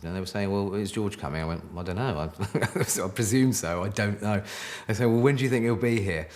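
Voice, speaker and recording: A musician in a documentary interview, retelling a confused exchange in bemused quotes. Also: male voice, lowish voice, fairly quick, a little mellow.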